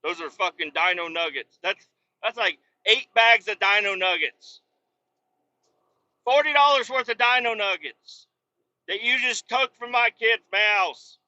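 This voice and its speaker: A man hosting a podcast, ranting heatedly with constant swearing and bursts of yelling, recorded in the cab of a semi truck while driving. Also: high-pitched, measured pace, no echo. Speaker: podcast host. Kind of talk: profane ranting monologue. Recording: dull lo-fi recording.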